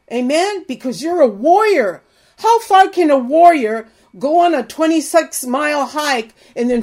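A woman's voice: sits high, a little mellow. A woman preaching a sermon, reading scripture aloud and speaking fervently and emphatically.

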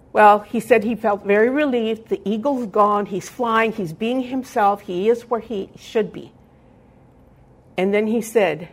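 A woman's voice: medium pitch, a little mellow. A woman preaching a sermon with fervent calls for amens, telling a story with quoted dialogue.

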